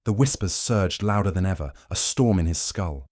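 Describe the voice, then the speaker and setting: A man giving tense, measured scripted narration of a detective thriller. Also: sits low, lively intonation, darkish tone, dry recording, clean studio sound.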